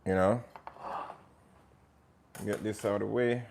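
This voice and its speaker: A man's voice: on the low side, fairly even intonation, slow pace, gravelly, darkish tone. Chatty man cooking live. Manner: chatty, talks to viewers while cooking, drifts into patois. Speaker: cooking show host. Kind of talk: live cooking stream, casual chat. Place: home kitchen.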